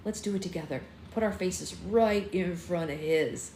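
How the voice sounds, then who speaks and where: A woman's voice: lowish voice, moderate pace, darkish tone, reverberant, a little hiss or hum, natural voice. A woman voicing a cocky, charming young man from a novel she reads aloud, teasing and dry.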